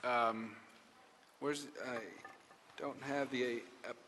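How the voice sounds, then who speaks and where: A man chairing a public council committee hearing, briskly moving through items and calling speakers' names at a desk microphone. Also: mid-range voice, steady tone, sharp tone, slight background noise. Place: council chamber. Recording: echoey hall.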